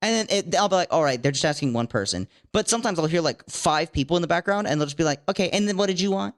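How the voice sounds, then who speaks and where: A man's voice: fairly high pitch, animated, a bit bright. A young man from Virginia, ranting profanely in casual podcast chat. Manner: profane, ranting, quick-talking. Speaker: podcast co-host.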